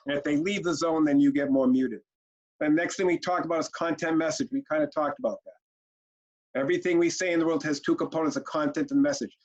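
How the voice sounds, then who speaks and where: A man presenting a parenting training webinar, talking directly and bluntly to his audience and now and then acting out parent and child exchanges. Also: a little high. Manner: direct, punchy, acts out parent and kid exchanges. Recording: muffled lo-fi webinar audio.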